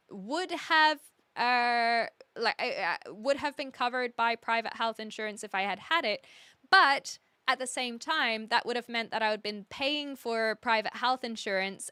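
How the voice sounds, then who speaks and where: A woman, streaming a game from her attic and chatting casually with viewers, rambling with quick laughs and restarts. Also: a little high, sharp tone, smooth, no echo. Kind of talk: casual chat with live viewers. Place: home attic.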